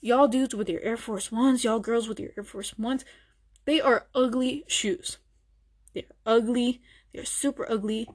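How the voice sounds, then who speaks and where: A woman's voice: a little high, steady tone, unhurried, a little mellow. A young woman hosting her own show, delivering a blunt, profane, mocking rant in casual talk. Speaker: podcast host. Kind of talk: ranting casual monologue.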